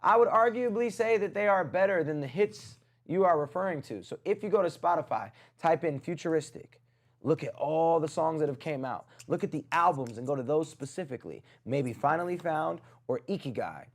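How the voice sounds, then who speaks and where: A man's voice: fairly high pitch, lively intonation, fairly quick. Playful man hosting a music livestream. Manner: playful, teasing banter with chat. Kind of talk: casual livestream chat.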